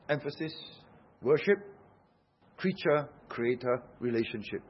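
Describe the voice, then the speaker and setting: A male preacher delivers his sermon with a husky edge to his voice. He is emphatic, dropping into hushed tones and then pressing hard on key phrases. The recording sounds dull and lo-fi. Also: mid-range voice, expressive, measured pace, pauses often. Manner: emphatic, swings from hushed to loud.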